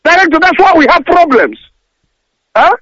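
A man's voice: extremely high pitch, lively intonation, moderate pace, a bit bright. A man calling in to a radio talk show, ranting angrily and stumbling over his words. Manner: angry, repetitive stammering rant. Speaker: caller. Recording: dull lo-fi phone-in audio.

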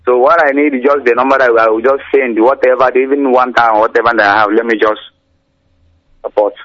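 A man's voice: mid-range voice, steady tone, a little fast, no room sound. A man calling in to radio, speaking in an earnest, rambling, repetitive way. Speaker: caller. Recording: muffled lo-fi radio call.

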